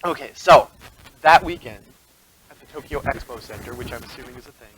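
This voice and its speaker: A man's voice: medium pitch, brisk, a crowd in the background, low-quality recording. A man serving as game master, narrating a tabletop game in a rambling, chatty way and laughing often.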